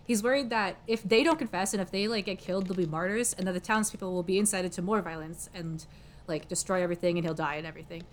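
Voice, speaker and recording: A woman's voice: on the low side, steady tone, fast talker, slight background noise. Chatty woman full of "like" fillers. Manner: chatty, heavy "like" and "um" fillers, laughs often. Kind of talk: casual plot summary.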